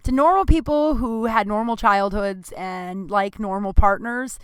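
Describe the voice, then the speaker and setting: A woman's voice: mid-range voice, unhurried, smooth, no echo. A woman comedian hosting a podcast, telling a story casually and candidly, rambling into asides.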